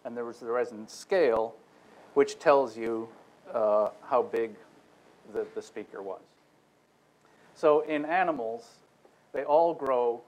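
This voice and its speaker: In a lecture room, a man with a medium-pitched voice explains a technical subject step by step, caught on a low-quality recording. He demonstrates vowel sounds using his own voice.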